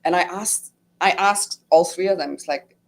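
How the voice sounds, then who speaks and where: A woman's voice: fairly low pitch, normal speed, creaky. A middle-aged woman sharing a personal story in casual talk, emotional and full of fillers, acting out her own inner thoughts. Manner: emotional, many fillers and acted-out inner quotes. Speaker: guest sharing her retreat experience.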